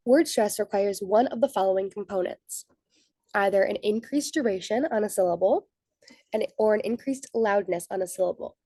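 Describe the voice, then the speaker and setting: A woman's voice: medium pitch, normal speed, mellow, no room sound. A young woman, a student, giving a methodical scripted slide presentation for a class. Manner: methodical, reads from prepared notes.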